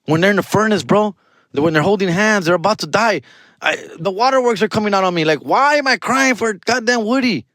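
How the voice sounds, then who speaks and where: Animated slangy comedian man. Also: high-pitched, fairly quick, no room sound. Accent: Californian. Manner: animated, slangy, self-mocking storytelling. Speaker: podcast host. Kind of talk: casual comedic monologue.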